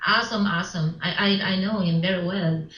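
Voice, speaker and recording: A woman being interviewed about her film work, speaking haltingly with many restarts and broken grammar. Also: lowish voice, fairly even intonation, fairly bright tone. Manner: halting, repeats words, non-native English grammar. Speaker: interview guest, filmmaker. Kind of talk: casual interview. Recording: roomy, dull lo-fi sound.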